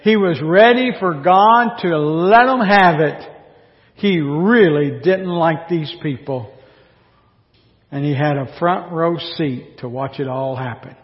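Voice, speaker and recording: A man preaching a sermon in a high, unhurried voice, talking to his congregation as if in conversation and throwing rhetorical questions at them. His words ring with a long reverb through a large church hall. The recording sounds a little dull. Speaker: pastor.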